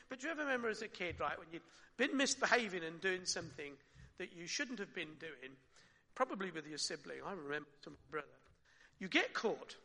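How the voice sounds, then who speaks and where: A man preaching a sermon in a conversational way, asking his listeners questions and dropping his voice softly at times. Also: high-pitched. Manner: conversational, with rhetorical questions and soft drops. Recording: long hall reverb.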